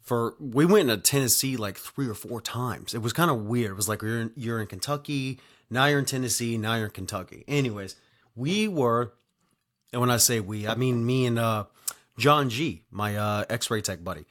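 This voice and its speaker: A man's voice: mid-range voice, animated, moderate pace, a bit bright. A man with a mid-range voice spins a loose, casual travel story. He swears freely, circles back on himself and keeps checking in with the listener. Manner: rambling and profane, heavy on fillers and "right?". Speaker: podcast host telling a travel story.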